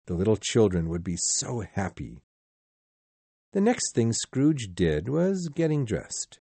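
A man's voice: lowish voice, big pitch swings, takes it slowly, gravelly, mellow, breathy edge, no room sound. A man narrating a storybook aloud, speaking expressively and addressing the reader directly.

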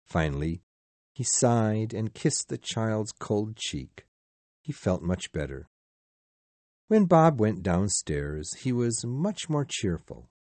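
Male narrator, storybook reading, slow and measured, low dark voice, dry close sound. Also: sing-song, no echo.

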